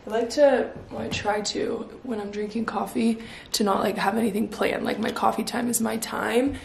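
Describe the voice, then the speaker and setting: A young woman in her twenties chatting casually to camera at home in a vlog, excitable and full of fillers. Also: fairly high pitch, moderate pace, gravelly, reverberant, slight background noise. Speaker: vlogger. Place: home living room.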